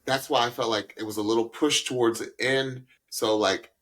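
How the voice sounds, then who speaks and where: A man co-hosting a podcast in casual chat, animated and talking like a voice teacher, often jumping up high in pitch when excited. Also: moderate pace. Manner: takes on a voice teacher's advising tone. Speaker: podcast co-host.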